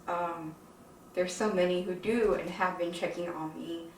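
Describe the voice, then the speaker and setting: A woman talks to her viewers in a low voice, rambling and emotional and a little short of breath. She records in an echoey home kitchen, with the camera set back from her. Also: fairly even intonation, a little slow, slight background noise. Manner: rambling, filler-heavy and emotional, addresses viewers as "you guys". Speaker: home cooking channel host. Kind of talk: chatty cooking vlog. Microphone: camera on a tripod. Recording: echoey room, mic at a distance.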